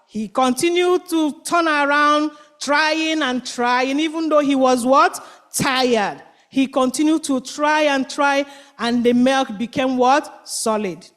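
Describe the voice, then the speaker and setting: A woman telling a children's story at church, animated and quizzing the listeners with call-and-response questions. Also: sits high, takes it slowly.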